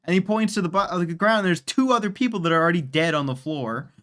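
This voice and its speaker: A man's voice: sits high, fast talker, a bit bright. A man casually commenting on a game during a live stream, chatty, rambling and profane.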